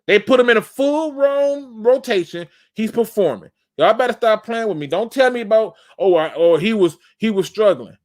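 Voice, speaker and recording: Fired-up sports talk host, high voice. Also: male voice, lively intonation, normal speed, few pauses. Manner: emphatic, repetitive, fired-up; addresses the audience as "y'all". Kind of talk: live sports talk show, breaking down game film.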